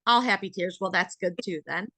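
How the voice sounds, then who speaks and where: A woman's voice: medium pitch, a little fast, fairly bright tone, no room sound. A young adult woman with an American accent, a dairy farmer hosting a casual interview podcast and talking in a rambling way full of fillers.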